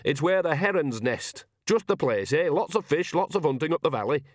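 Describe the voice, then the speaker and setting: For an audiobook, a man voices an earthy, shameless old witch woman who speaks bluntly, bawdily, and down-to-earth. His mid-range voice is pushed up yet stays close to his everyday voice, with lively intonation and a moderate pace, in clean studio sound with no echo.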